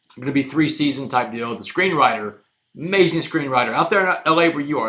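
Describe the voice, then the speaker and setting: A man telling a personal story as a podcast guest, emphatic and moving between hushed and loud passages. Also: medium pitch, fast talker.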